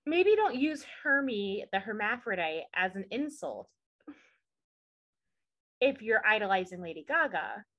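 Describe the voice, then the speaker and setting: A woman's voice: medium pitch, a bit bright, muffled recording. A woman co-hosting a podcast, chatting casually and opinionatedly as she recaps a show, with many asides. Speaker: podcast co-host.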